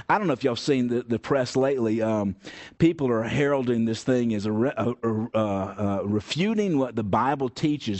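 A man teaching a Bible study, reading passages aloud and then explaining them in a conversational way, with frequent fillers and restarts. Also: medium pitch. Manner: conversational, many fillers and restarts, folksy asides.

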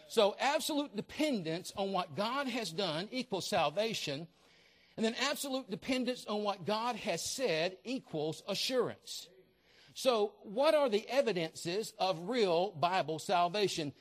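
A man's voice: high voice, animated, normal speed. A man preaching a fervent evangelical sermon as a visiting preacher, repeating key phrases as he builds his points.

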